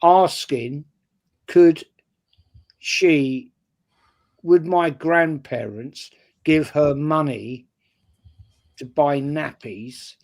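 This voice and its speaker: An older man from North London, with a London accent, tells a long personal story in casual chat as a fan channel panelist, frequently checking in with "right?". His voice is fairly high and darkish, very slow, with long pauses.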